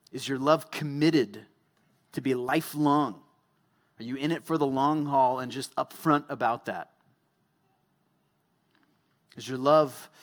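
Male pastor, mid-pitched, measured sermon delivery built on rhetorical questions. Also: a bit bright. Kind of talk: sermon and closing prayer.

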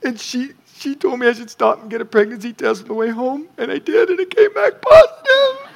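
A man voicing his wife as a tearful, frantic woman in her forties, her voice climbing high as she breaks into a cry. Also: expressive, fairly quick, creaky, full character voice.

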